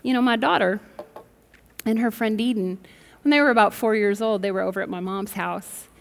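A woman's voice: mid-range voice, brisk, creaky. A middle-aged woman preaching a sermon with stories, emphatic and rising to bursts, calling on the congregation to respond. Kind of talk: sermon with storytelling. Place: large church sanctuary. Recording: reverberant hall.

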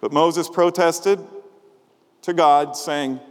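A man's voice: high-pitched, moderate pace. A male pastor preaching a sermon in a conversational, humorous way, asking the congregation questions. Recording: long reverb of a large hall.

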